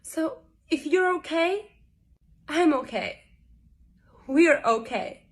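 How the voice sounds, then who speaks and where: A woman plays an exasperated wife who scolds her husband in a high, unhurried voice. Each reproach lands slowly and deliberately, hurt showing under the calm. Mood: hurt, reproachful. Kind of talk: acting a dramatic monologue.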